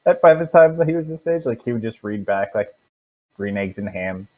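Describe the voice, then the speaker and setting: A man's voice: on the low side, lively intonation, fairly quick, dull audio. A man chatting casually and loosely with fellow players, rambling with fillers. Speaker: tabletop game player. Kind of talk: casual chat.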